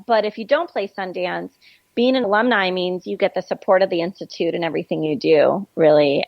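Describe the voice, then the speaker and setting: A woman guest on a podcast, speaking in an animated, candid way and laughing easily. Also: fairly low pitch, gravelly, no room sound. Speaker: guest, film distribution manager. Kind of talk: casual interview chat. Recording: dull lo-fi call audio.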